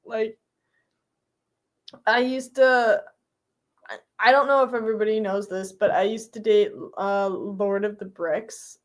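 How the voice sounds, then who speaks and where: A woman's voice: medium pitch, steady tone, measured pace, long pauses. A young woman streaming live, chatting casually with her viewers, giggly and full of fillers.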